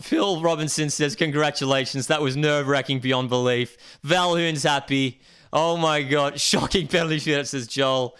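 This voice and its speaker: An excitable man, hosting a live watchalong stream and reading viewer comments aloud. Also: a little high, clean tone. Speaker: livestream host.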